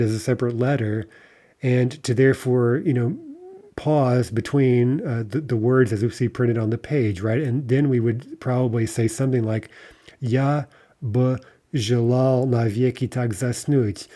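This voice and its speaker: A man's voice: mid-range voice, mellow. A man giving a video lesson, explaining at length with many fillers and frequent "right?" checks. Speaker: language teacher.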